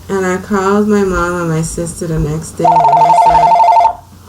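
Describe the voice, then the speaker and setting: A woman's voice: lowish voice, wildly swooping pitch, a little slow, noisy background. A woman in her thirties telling her own life story to the camera in an earnest, conversational way. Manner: earnest, conversational, drifts softer at times.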